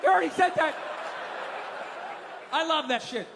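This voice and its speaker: A sarcastic male stand-up comic rants and shouts in a very high, strained voice. He swears freely as he works the room. A lively audience and steady noise surround him on a live stage recording. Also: normal speed, pauses often. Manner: ranting, sarcastic, profane, often shouting. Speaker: stand-up comedian. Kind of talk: stand-up comedy set. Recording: live show with crowd and noise.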